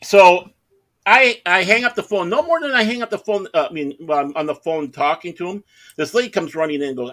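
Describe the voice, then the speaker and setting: A man's voice: fairly high pitch, fast talker, bright, forceful tone. A middle-aged man telling a long anecdote in casual chat, acting out the other people in the story in raised voices. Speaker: podcast co-host.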